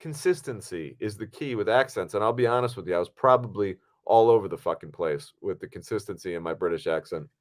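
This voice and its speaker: A man co-hosting a podcast, telling a story casually in a lively, profane way. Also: fairly low pitch, brisk, hardly any pauses. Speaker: podcast co-host and actor. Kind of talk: casual chat.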